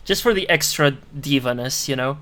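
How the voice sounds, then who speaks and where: A man's voice: medium pitch, normal speed, sharp tone, smooth. A man running a tabletop game as game master, narrating with frequent restarts and fillers. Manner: hesitant, many restarts and fillers.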